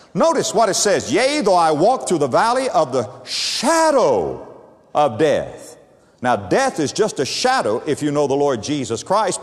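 A man delivers a sermon in a fairly high voice that leaps and falls dramatically, repeating words for weight. His voice rings out with a long reverb tail, as if in a large hall. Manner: dramatic preaching with sweeping rises and drops, repeating phrases. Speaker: preacher.

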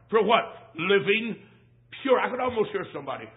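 A man preaching as a traveling evangelist at a church service, telling a humorous personal story, swinging between shouts and hushed asides. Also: high-pitched, sing-song, fairly quick. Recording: tinny lo-fi phone-like recording.

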